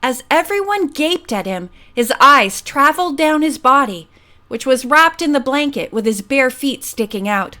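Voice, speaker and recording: A woman narrates a children's mystery with a high, light voice. She tells the story in a lively, scripted way. Her delivery keeps the action moving. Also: moderate pace. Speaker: audiobook narrator.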